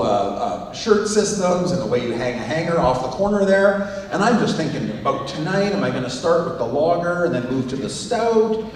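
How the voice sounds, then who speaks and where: A man who teaches giving a presentation, telling a story in an animated, self-mocking way. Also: mid-range voice, a little hiss or hum. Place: large hall with audience. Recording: echoey hall recorded from far off.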